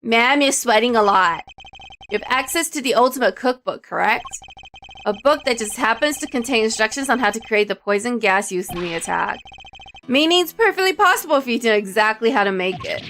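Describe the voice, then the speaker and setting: A woman voicing a stern male prosecutor in a video game, questioning in a measured, pointed way. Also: on the high side, lively intonation, fairly bright tone, a little hiss or hum. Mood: probing. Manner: measured, pointed cross-examining.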